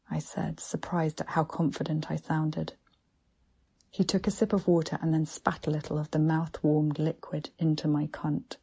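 A woman narrating an erotic story in a slow, hushed, breathy half-whisper. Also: deep voice, level tone.

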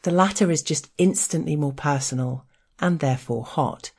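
A woman's voice: low voice, normal speed, darkish tone, husky. An Englishwoman reading her own frank personal essay aloud in a wry, candid, playful way.

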